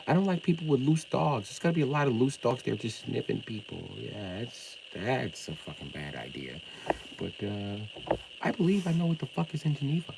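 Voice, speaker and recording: A middle-aged man from Illinois ranting on a live stream, confrontational and profane, swinging from loud outbursts to mock calm. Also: medium pitch, a little fast, vocal fry, slight background noise, poor audio. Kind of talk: heated live-stream rant.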